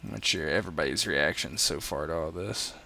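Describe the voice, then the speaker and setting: A man's voice: deep voice, brisk, creaky. A man narrating as game master in a casual tabletop game, loosely describing the action and checking rules as he goes. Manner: casual, voices characters with sudden loud shifts.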